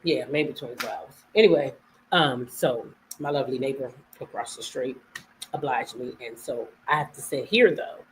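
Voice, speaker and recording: Chatty, slightly hoarse woman livestream host. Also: extremely low pitch, normal speed, a little hiss or hum. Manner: chatty, greets viewers by name. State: voice a bit hoarse. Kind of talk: casual live chat with viewers.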